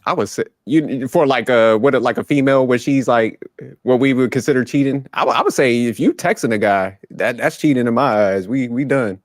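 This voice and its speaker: A man's voice: mid-range voice, brisk, no echo. Laid-back man, dry close sound. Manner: laid-back storyteller, animated quoting. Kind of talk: casual chat.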